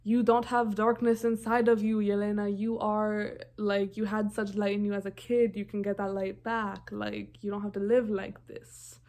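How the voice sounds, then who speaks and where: A woman's voice: mid-range voice, little pitch movement, moderate pace, few pauses, darkish tone, lightly acted. A woman doing a tender fatherly man. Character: fatherly middle-aged man, tender and encouraging.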